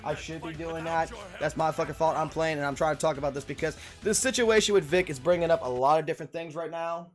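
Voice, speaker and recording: A Louisiana man who streams and hosts a podcast chats casually while gaming, cursing freely, yelling at the game, and staying profane and animated. His voice is fairly high, his pace quick, with hardly any pauses.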